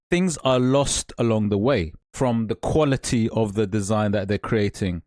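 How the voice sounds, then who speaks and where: A man's voice: lowish voice, moderate pace, few pauses, a little mellow, no room sound, clean studio sound. A man, an online business coach, giving emphatic direct advice and repeating his points. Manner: emphatic, repeats points, calls listener mate. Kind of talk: direct-to-camera advice talk.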